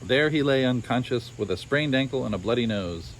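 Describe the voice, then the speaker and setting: A man's voice: medium pitch, animated, a little fast, slight background noise. Male storyteller reading aloud with wry asides; faint insects in the background.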